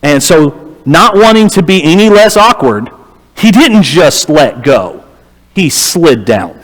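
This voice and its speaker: A man telling a story as a church lecturer, with a humorous, lively manner. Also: on the high side, slow. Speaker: guest lecturer. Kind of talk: storytelling sermon. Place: church auditorium. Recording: reverberant hall.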